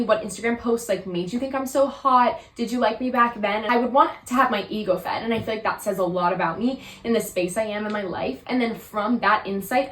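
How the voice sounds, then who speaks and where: A woman's voice: mid-range voice, a bit bright. A woman in her twenties hosting a casual advice podcast, chatty and opinionated with lots of fillers. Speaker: podcast host. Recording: roomy echo.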